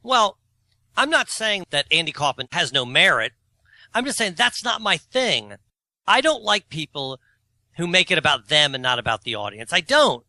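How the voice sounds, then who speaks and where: A man's voice: on the high side, big pitch swings, moderate pace, pushed and bright, no room sound. A man in his forties telling rambling, self-mocking stories in a casual podcast chat. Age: 40s. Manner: rambling storyteller, self-mocking, laughs at himself; opinionated and argumentative. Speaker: co-host.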